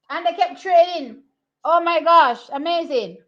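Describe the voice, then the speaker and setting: A young woman talks through a track race as it happens. She sits high in her register, repeats herself and thinks aloud in a chatty, excitable way. The audio is slightly dull and lo-fi. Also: a little slow. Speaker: track and field watch-along host. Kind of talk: casual live race commentary.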